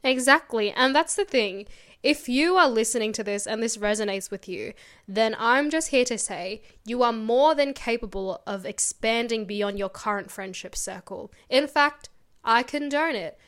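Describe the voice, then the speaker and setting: A woman's voice: a little high, normal speed, fairly bright tone. Emphatic young woman telling stories. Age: young adult. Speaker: podcast co-host. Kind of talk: casual chat.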